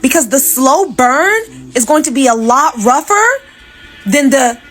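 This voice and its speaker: High-voiced woman, blunt and emphatic. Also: animated, a little slow, fairly bright tone, soft background music. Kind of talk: political commentary.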